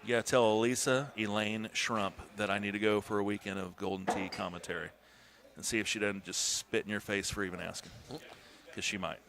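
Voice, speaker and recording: Bright-voiced excitable male commentator. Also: lowish voice, brisk, slight background noise. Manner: excitable, swears, bursts into shouts. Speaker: tournament commentator. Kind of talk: casual live game commentary.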